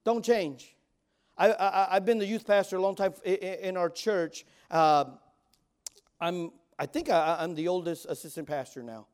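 A man in his forties preaching as a youth pastor, swinging between loud exhortation and quiet asides, often stammering and repeating words. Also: high voice, fairly even intonation, moderate pace, clear, resonant tone. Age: 40s. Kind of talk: sermon.

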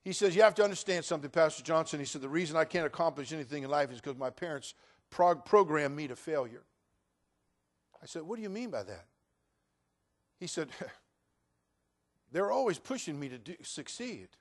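High-voiced man preaching a sermon. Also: lively intonation, moderate pace, long pauses. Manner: preachy, swings from quiet storytelling to loud exhortation. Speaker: pastor.

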